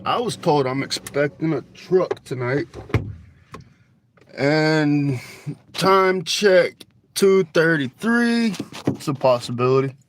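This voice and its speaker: A man's voice: on the high side, lively intonation, slow pace, pauses often, slight background noise. A man hosting a casual phone livestream at night, laid-back and joking with viewers, cursing freely. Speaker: livestream host. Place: outdoors at night near a store parking lot. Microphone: phone camera.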